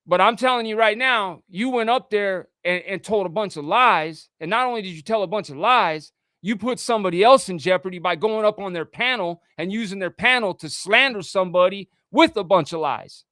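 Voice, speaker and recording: A man's voice: high voice, brisk, few pauses, bright, forceful tone, dry recording, studio quality. A man hosting a livestream, reading out text messages and ranting indignantly with frequent swearing. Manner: indignant, profane, reads texts aloud. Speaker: livestream host. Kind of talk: casual livestream rant.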